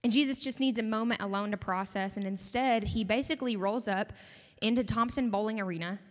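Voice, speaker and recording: A young woman giving a conversational, animated sermon to a campus group, often asking the audience questions. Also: mid-range voice, brisk. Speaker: campus ministry speaker. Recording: long hall reverb.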